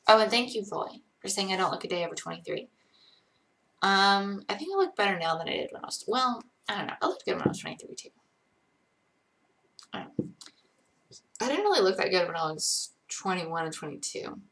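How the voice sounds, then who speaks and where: Chatty young woman with a gravelly edge. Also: medium pitch, lively intonation, brisk, long pauses, fairly bright tone. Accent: light Connecticut-tinged American, little Southern. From Georgia, USA. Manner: chatty, rambling, many likes and ums. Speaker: livestream host. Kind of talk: casual live chat reading viewer questions.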